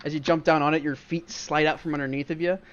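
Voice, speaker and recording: A man's voice: a little high, level tone, fast, a bit bright, lo-fi sound, a little hiss or hum. A man narrating a tabletop game as game master, loose and profane, laughing often. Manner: laughing, profane, loose storytelling with many fillers.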